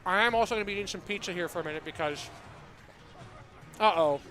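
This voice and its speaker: A man calls a live esports match with bursts of excitement, breaking off to chat casually with his audience. His voice sits a little high, and faint music plays underneath. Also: fast talker, long pauses. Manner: excitable play-by-play, chatty asides to viewers. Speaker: esports caster. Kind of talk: live game commentary with chat. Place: Austin, Texas.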